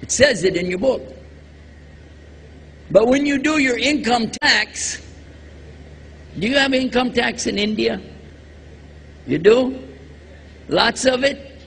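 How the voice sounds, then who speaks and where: Slow, lively-voiced preacher in a hall. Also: male voice, very high voice, vocal fry. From Texas. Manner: jokey, quizzes the audience. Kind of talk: religious lecture to a live audience. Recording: long hall reverb, faint background noise.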